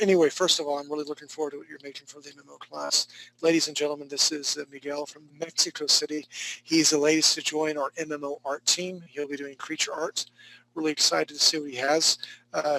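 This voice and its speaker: A man's voice: on the high side, vocal fry, bright, forceful tone, low-quality recording. A man teaching a live online drawing class, critiquing student work in a joking, laid-back, chatty way. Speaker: art instructor.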